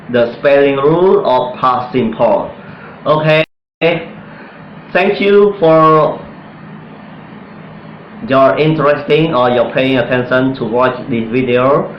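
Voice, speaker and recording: Slow, repetitive male English teacher. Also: mid-range voice. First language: Khmer. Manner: repeats "yes" often, non-native English phrasing. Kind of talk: slow classroom explanation of grammar. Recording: echoey room, dull lo-fi sound, faint noise.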